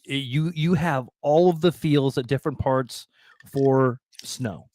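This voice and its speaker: A man's voice: mid-range voice, a little slow, darkish tone. A man co-hosting a casual online show, gushing about a movie in rambling bursts. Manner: enthusiastic, rambling movie praise. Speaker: podcast co-host. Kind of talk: casual chat.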